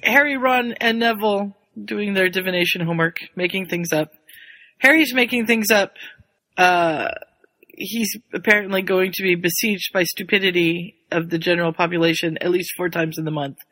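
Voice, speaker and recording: Bright-toned woman recapping a chapter. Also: fairly low pitch, moderate pace. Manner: relaxed recapping, short agreements. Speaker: podcast co-host. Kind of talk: casual chat, recapping a book.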